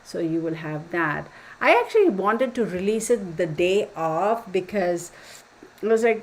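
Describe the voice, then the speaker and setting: A woman's voice: medium pitch, expressive, a little slow, low-quality recording. Chatty woman hosting a live stream. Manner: chatty, affectionate, laughs often, baby talk to her dog. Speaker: tarot live stream host. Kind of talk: casual live stream sign-off. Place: home room.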